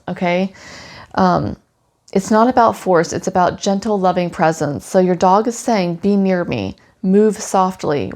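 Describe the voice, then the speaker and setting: A woman with a low, gravelly voice talking through a tarot reading. She speaks softly and soothingly and leans on "you know" fillers, like a casual chat with a client. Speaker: tarot pet reader.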